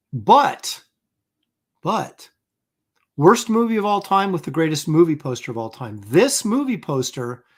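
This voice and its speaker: Rambling middle-aged man chatting casually. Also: on the high side. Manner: rambling, self-mocking, many fillers and restarts. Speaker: host of a live comic art stream.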